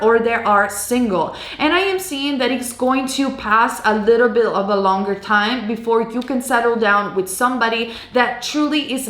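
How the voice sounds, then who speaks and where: A woman's voice: a little high, a bit bright. Reassuring woman reading tarot, roomy. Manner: emphatic, reassuring, repetitive. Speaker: tarot card reader. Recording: roomy echo.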